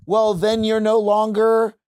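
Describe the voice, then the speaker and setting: Man, podcast host, reflective, halting restarts, smooth clear voice. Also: sits high, completely flat delivery, darkish tone, no room sound, clean studio sound. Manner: reflective, many restarts and fillers. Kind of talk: casual interview conversation.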